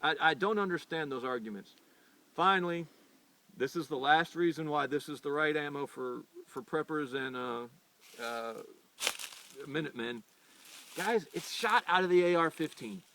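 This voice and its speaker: A man's voice: on the high side, normal speed, sharp tone. Rambling middle-aged American man, heard from a distance. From United States. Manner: rambling, with frequent stumbles and repeated words; earnest and insistent when arguing. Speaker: firearms channel host. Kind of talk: unscripted opinion monologue. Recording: voice picked up from a distance.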